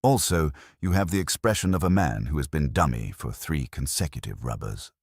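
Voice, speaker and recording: A man doing a shrewd, fastidious old detective from a storybook mystery, with very deep, husky speech. His lines are precise and courteous, sprinkled with French phrases, and they move with lively turns of pitch in a dry, close sound. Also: no room sound, full character voice. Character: fastidious older male Belgian detective, shrewd.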